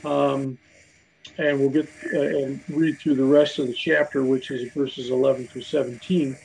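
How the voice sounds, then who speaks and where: A man's voice: medium pitch, little pitch movement, moderate pace, vocal fry, darkish tone, a little hiss or hum, rough recording. A man leading a casual Bible study, talking in a conversational way with many fillers and restarts. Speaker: Bible teacher.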